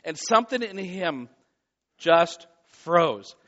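A high-pitched man preaching to his congregation, earnest, growing loud and animated as his story builds. The sound is dull and lo-fi. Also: slow pace. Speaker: pastor. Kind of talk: sermon with prayer and storytelling.

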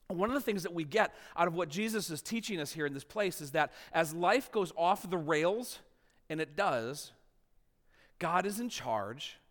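A pastor preaching a sermon, his voice sitting high for a man. He tells stories in an animated, self-deprecating way. The sound carries the long reverb of a large church sanctuary.

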